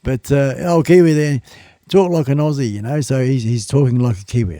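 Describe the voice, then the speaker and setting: A man's voice: medium pitch, brisk, mellow, dry recording. An English man hosting a live stream, chatting casually and rambling with jokes and many fillers. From England. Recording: music playing behind.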